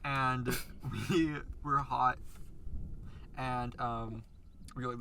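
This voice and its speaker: A young man from Canada co-hosting a podcast, telling an animated story and acting out other people's lines. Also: medium pitch, moderate pace, gravelly, pauses often, background noise. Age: young adult. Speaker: podcast co-host. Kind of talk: casual storytelling chat. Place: outdoors, in a thunderstorm.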